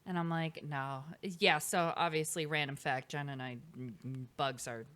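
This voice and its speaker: A woman with a somewhat low voice co-hosts a casual podcast chat in a home basement studio. She talks in a chatty way and acts out what people said as she tells her stories. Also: little pitch movement, moderate pace, fairly bright tone. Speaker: podcast co-host.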